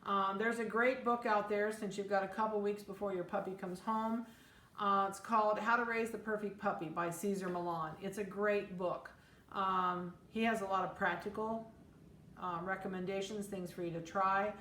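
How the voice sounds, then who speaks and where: Middle-aged woman, mid-pitched, folksy and practical, talking through tips in a roomy space. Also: steady tone, moderate pace, a bit bright. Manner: plainspoken, practical, chatty with fillers. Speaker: dog breeder. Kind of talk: casual instructional talk.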